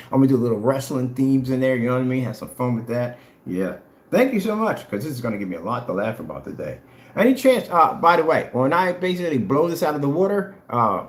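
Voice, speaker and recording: A man hosting a trash-talking challenge vlog who taunts his rivals and boasts about his paint product. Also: mid-range voice. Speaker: vlogger selling paint products. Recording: echoey room.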